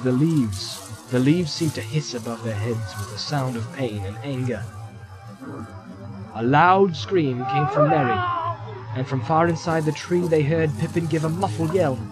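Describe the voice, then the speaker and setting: Guy reading a fantasy audiobook, dramatic and measured, slightly high voice, music score behind. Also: rough recording. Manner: measured, vivid storytelling. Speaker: audiobook narrator.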